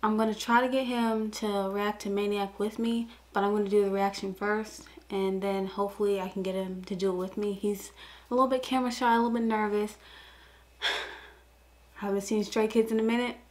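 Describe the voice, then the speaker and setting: A young woman hosting a casual reaction video, gushing with excited exclamations. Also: medium pitch, moderate pace.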